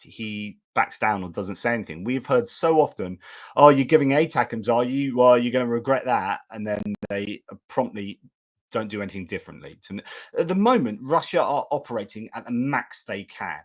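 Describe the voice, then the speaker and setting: A British man hosting a live stream, talking in a rambling, self-correcting way with lots of restarts. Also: lowish voice. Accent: British English. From United Kingdom. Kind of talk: casual live-stream commentary.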